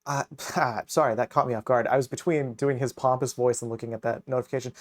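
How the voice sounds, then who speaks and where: A man streaming live and chatting with viewers in an upbeat, quick way, laughing often. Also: mid-range voice, steady tone, no echo. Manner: upbeat, laughing, talks fast to chat. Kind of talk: casual live-stream chat.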